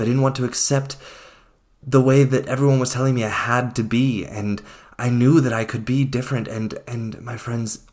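Earnest man speaking slowly from the heart. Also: medium pitch, a little mellow. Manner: earnest, slow and emphatic, often addressing listeners as friends. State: getting emotional. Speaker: podcast host. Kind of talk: unscripted heartfelt monologue.

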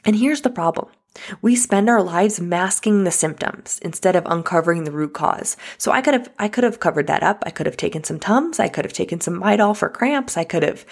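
A woman's voice: fairly low pitch, creaky. A woman telling a personal story to her viewers in a chatty, casual way, full of restarts. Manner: chatty, many likes and restarts, addresses viewers as guys and y'all. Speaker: vlogger.

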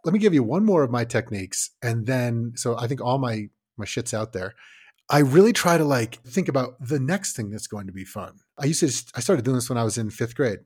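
Husky, animated male podcast co-host. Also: mid-range voice, a little fast. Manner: animated, swearing, acts out parent and kid lines. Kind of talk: casual parenting podcast chat.

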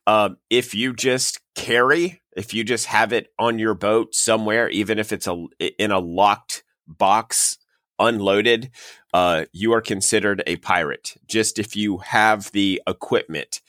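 A man talking as a podcast guest, halting with many "uh" fillers. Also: on the low side, fairly even intonation, a bit bright, no echo, clean studio sound. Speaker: podcast guest, former business owner. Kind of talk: casual interview chat.

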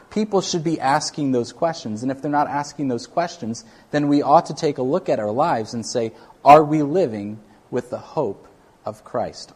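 A man delivering a sermon in a relaxed, conversational way, as if talking with the congregation. His voice sits at an ordinary middle pitch. He often circles back and restarts his sentences. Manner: conversational preaching with frequent restarts. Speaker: pastor.

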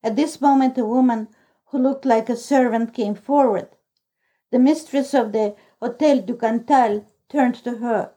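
Slow, mellow woman reading a story. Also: a little high, rough recording. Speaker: audiobook reader. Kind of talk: scripted storybook narration.

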